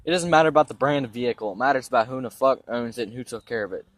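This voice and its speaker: A man's voice: mid-range voice, racing, no room sound. A young man tells a long, meandering story about his truck, swearing freely and speaking bluntly. His voice sounds stuffy from sinus trouble. He is recording himself outdoors beside parked trucks with a phone camera. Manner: rambling, profane, blunt. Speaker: vlogger giving a vehicle tour. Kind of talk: casual storytelling.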